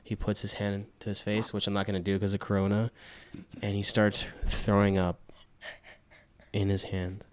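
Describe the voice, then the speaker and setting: A man's voice: fairly low pitch, completely flat delivery, moderate pace, smooth. A young man co-hosting a podcast, telling a story in casual chat with acted-out quotes and frequent restarts. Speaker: podcast co-host.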